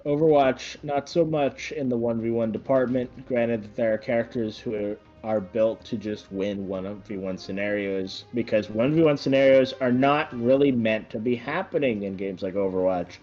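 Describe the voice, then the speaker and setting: A man giving casual play-by-play commentary on a gaming match, rambling and correcting himself, with sudden excited bursts. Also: medium pitch, moderate pace, few pauses, muffled recording, faint music behind. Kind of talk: casual esports-style commentary.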